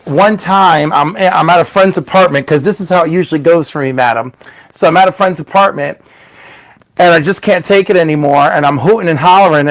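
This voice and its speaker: On a rough recording, a man with a voice on the high side hosts a casual stream, chatting his way through stories. He's animated and acts out the voices of the people in them.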